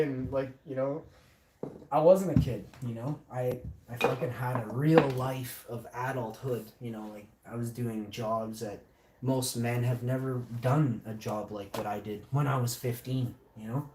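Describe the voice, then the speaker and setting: A man's voice: lowish voice, moderate pace, a little mellow. A man telling a personal story in a blunt, heavily profane casual monologue. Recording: echoey room, distant mic.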